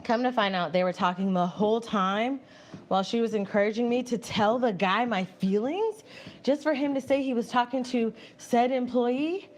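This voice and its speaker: A woman hosting a live stream, chatting casually with viewers while walking on a treadmill, animated and often laughing. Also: on the high side, normal speed. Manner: animated, laughing, reads viewer messages aloud and answers them. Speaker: livestream host reading chat. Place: home, indoors on a treadmill.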